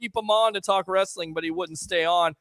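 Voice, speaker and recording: A man hosting a casual sports talk show, excitable and sarcastic as he throws questions to his panel. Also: high voice, brisk, no room sound. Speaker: host.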